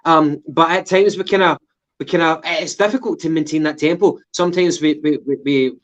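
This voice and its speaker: A man's voice: a little high, fairly even intonation, brisk. A man with a Glaswegian Scottish accent co-hosting a football podcast, chatty and asking questions. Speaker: podcast co-host. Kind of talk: casual football chat. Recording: dull lo-fi sound.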